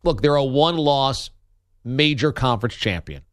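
Heard in studio quality with no room sound, a man hosting sports radio gives argumentative, opinionated commentary at a moderate pace. His medium-pitched voice is expressive and emphatic, and he pounds his points with punchy repetition.

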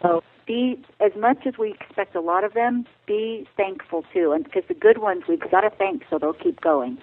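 A woman on a tinny telephone line, speaking as a guest expert on a radio interview. She explains her points in an earnest, direct, plain-spoken way. Her voice sits at a middle pitch. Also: sing-song, moderate pace, creaky. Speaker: guest bioethicist.

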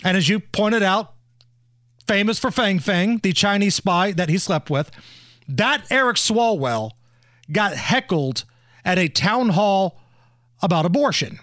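A male radio host delivers mocking political commentary in a bright, high voice that swings widely in pitch. The sound is dry and close to the mic. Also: unhurried, long pauses, dry recording. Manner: sarcastic, animated.

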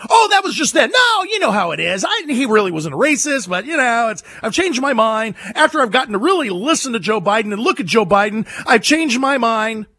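A man's voice: extremely high pitch, sing-song, fairly quick, hardly any pauses, bright, forceful tone, no echo, studio quality, exaggerated voice. A man doing a mocking impression of a female politician, in a sing-song, dismissive parody voice.

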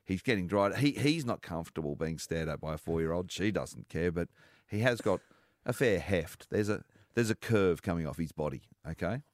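Deadpan man telling stories. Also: low-pitched, normal speed, no echo, clean studio sound. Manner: deadpan, self-mocking anecdote telling. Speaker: comedian guest. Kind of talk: comic storytelling.

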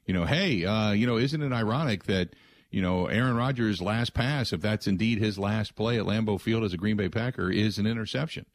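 A man hosting a sports talk radio show, talking in an animated, rhetorical way from a studio and mocking the answers he expects to hear. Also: lowish voice, fairly quick.

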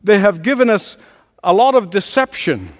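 A man's voice: high-pitched, sing-song, normal speed, big-room sound. A man preaching a sermon as pastor, emphatic and repeating his phrases for force.

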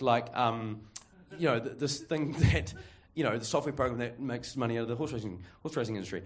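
A man's voice: mid-range voice, brisk, few pauses. Rambling New man telling a story. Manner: rambling, laughing, full of fillers; acts out other people's voices. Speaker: storyteller at a live show. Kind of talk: live storytelling to an audience.

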